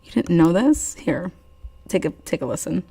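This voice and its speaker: A woman's voice: on the low side, sing-song, normal speed, vocal fry, mellow, a little hiss or hum. A woman hosting a casual livestream chat, telling crude stories and laughing often. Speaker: host.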